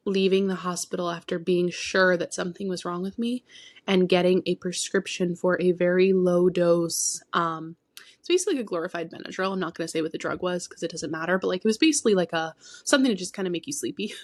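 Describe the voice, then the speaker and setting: A woman co-hosting a podcast as a therapist. She tells a personal story frankly and from the heart, with many asides, moving between emphatic bursts and hushed near-whispers. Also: fairly low pitch, steady tone, brisk, dry recording, clean studio sound. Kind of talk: candid podcast conversation.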